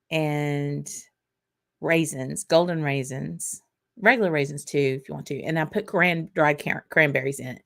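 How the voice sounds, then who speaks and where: A woman with a Southern accent, from Arkansas, hosting a casual livestream and chatting in a rambling way, reading viewer comments aloud. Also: sits low. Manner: chatty and rambling, with frequent fillers and laughter. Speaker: livestream host.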